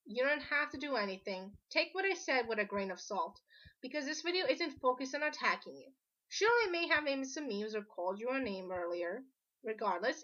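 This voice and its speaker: Bright high-voiced woman, blunt rant. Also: dull audio. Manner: blunt, lecturing, casually profane. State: sore throat. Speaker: online drama commentator. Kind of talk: scripted commentary rant.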